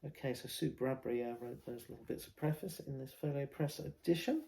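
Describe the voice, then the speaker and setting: An English man with a gravelly, slightly creaky voice and a Southern home-counties accent. He hosts a casual poetry vlog. He talks in a rambling way, full of ums and restarts. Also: mid-range voice, brisk, warm tone, a little hiss or hum. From England. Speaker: vlog host reading war poetry.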